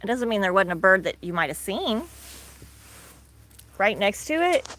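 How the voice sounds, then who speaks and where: A woman's voice: mid-range voice, very animated, moderate pace, pauses often, a bit bright. Chatty woman rambling on a live stream. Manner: rambling, chatty, laughs often, many fillers. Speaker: live stream host, tortoise owner. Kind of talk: casual live stream chat. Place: outdoors in a backyard.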